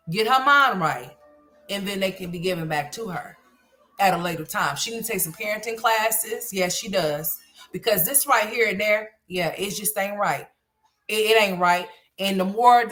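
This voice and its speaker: A woman's voice: medium pitch, a bit bright. A middle-aged woman giving blunt, emphatic, opinionated commentary from home. She often repeats herself and swears freely. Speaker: livestream commentary host.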